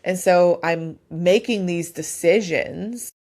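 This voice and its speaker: A woman's voice: lowish voice, takes it slowly, darkish tone. A woman in her forties, host of her own show, telling a candid, emotional personal story and saying "like" a lot. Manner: emotional, candid, heavy use of "like".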